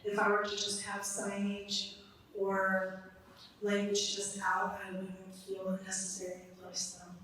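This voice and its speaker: Language teacher, woman, relaxed and laughing, distant mic in a reverberant hall. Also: medium pitch, unhurried, slight background noise. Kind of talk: live talk answering audience questions. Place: large hall. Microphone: distant room mic. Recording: echoey hall from far off.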